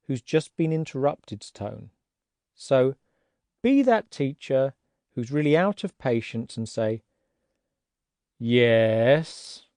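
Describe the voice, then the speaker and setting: A man narrating an audiobook language lesson, patient and clear, acting out example words to show how tones rise and fall. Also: on the high side, dark tone, no echo, clean studio sound.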